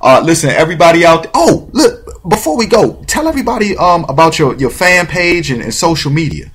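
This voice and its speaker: A man's voice: on the high side, sing-song, a little fast, fairly bright tone, husky. A man hosting an interview show, talking casually with rambling restarts and repeated words. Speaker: talk show host.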